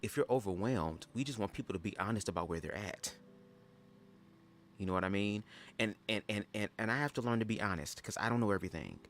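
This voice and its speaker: Young male streamer, deep voice, sassy and conversational, riffs to viewers as "girl". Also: brisk, a bit bright, a little hiss or hum. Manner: chatty, sassy, keeps addressing listeners as "girl". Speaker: livestream host reading a book aloud. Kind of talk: casual livestream commentary.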